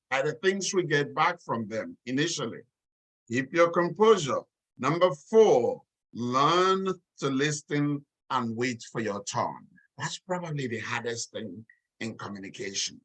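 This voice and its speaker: A man giving a lecture on communication in marriage, measured and slowing down to stress key points. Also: a little high, fairly bright tone. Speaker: relationship communication teacher. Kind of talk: lecture talk.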